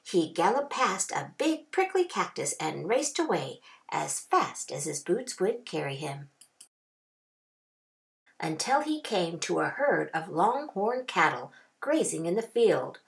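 Brief: woman teacher, storybook read-aloud, lively and slow, gravelly undertone. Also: lowish voice. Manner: expressive storytelling with drawn-out phrases. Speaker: kindergarten teacher. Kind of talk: children's picture-book read-aloud.

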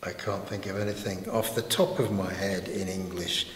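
A man co-presenting a pronunciation lesson, comparing sounds in a measured way and listing example words. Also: deep voice, steady tone. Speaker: English-speaking co-presenter. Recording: echoey hall, faint background noise.

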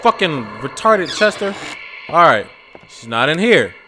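A man's voice: a little high, big pitch swings, a little slow, sharp tone, slight background noise. A man playing a horror game while commenting on it, muttering, swearing and breaking into frantic outbursts. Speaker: gaming YouTuber.

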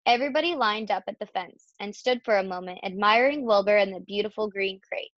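A woman's voice: mid-range voice, brisk, no room sound. A woman reading a children's novel aloud and giving each character a voice of its own. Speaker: storybook reader. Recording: dull lo-fi dry recording.

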